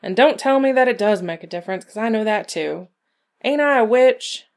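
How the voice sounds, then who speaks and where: A woman's voice: on the high side, expressive, normal speed, pitched above the performer's own voice. A woman voicing an older rural witch, blunt, folksy and dryly grumbling, tired of endless fights. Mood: weary. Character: weary, sharp-tongued old rural woman witch.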